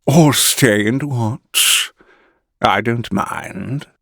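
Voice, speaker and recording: A male narrator voicing a cruel, mocking male vampire who taunts in slow, purring menace. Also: mid-range voice, vocal fry, a bit bright, no echo, clean studio sound, full character voice. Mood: taunting.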